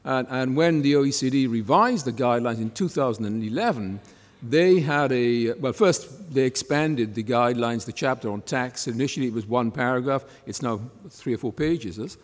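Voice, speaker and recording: Older man, explainer with reverberant hall sound. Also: medium pitch. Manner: ends points with tag questions like "yes?"; explanatory, measured. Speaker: tax expert panelist. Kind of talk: panel discussion talk. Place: conference hall. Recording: long reverb in a large hall.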